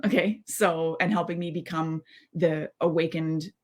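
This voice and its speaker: A woman's voice: deep voice, fairly even intonation, a little slow. A woman in her thirties giving a candid live-stream monologue as a mindset coach, rambling and heartfelt, with many asides and restarts. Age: 30s. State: close to tears.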